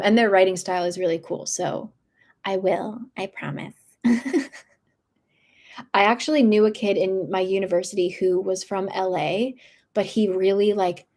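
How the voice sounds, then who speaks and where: A woman's voice: mid-range voice, darkish tone. A young woman hosting a book channel livestream from her room, chatting casually and meandering with lots of fillers.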